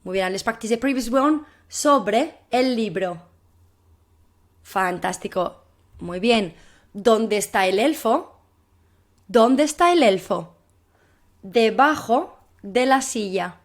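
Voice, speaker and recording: Woman, primary language teacher; encouraging, repeats phrases slowly for pupils to echo. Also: fairly high pitch, lively intonation. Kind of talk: recorded classroom video lesson.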